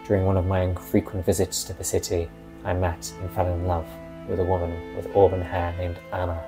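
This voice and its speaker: A man reading as a calm, sorrowful, centuries-old good elf vampire, in a quiet voice with a sad tinge. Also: sits low, brisk, over music. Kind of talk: reading a character monologue.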